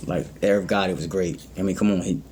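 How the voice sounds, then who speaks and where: A man's voice: low-pitched, fairly even intonation, a little fast, a little mellow, slight background noise. A man hosting a music reaction video, talking casually and rambling. He often stumbles over his words and keeps adding "you know what I mean".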